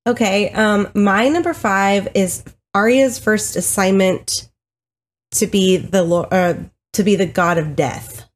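A woman's voice: medium pitch, slow. A woman co-hosting a podcast, chatting casually, retelling scenes and laughing easily. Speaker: podcast co-host. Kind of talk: casual chat.

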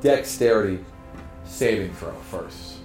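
Game master man in a roomy room. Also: lowish voice. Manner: relaxed, quick asides, voices the NPCs. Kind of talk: narrating a tabletop game. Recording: roomy with music behind.

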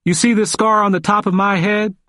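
A man playing a hoarse, intense old man in his seventies, a civil rights veteran who speaks forcefully and with emphasis. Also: high-pitched, fairly even intonation, fairly quick, dry recording, studio quality, voice pushed up. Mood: fierce. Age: 70s.

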